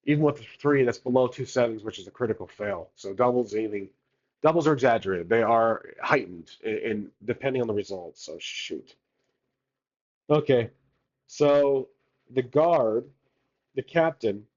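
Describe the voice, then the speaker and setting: A man's voice: medium pitch, expressive, moderate pace, pauses often, darkish tone, lo-fi sound. A man narrating his solo tabletop game, thinking aloud, rambling with many fillers and restarts.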